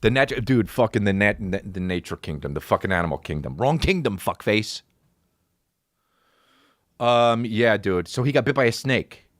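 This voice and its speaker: Swearing his way through a funny story, this podcast host animatedly impersonates the people and the dog he's describing. He has a fairly low voice and keeps a moderate pace.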